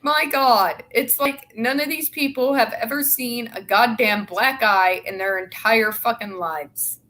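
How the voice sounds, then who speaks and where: A woman's voice: a little high, unhurried, sharp tone. A young woman in casual, opinionated chat, blunt and sarcastic with a lot of swearing. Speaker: show co-host.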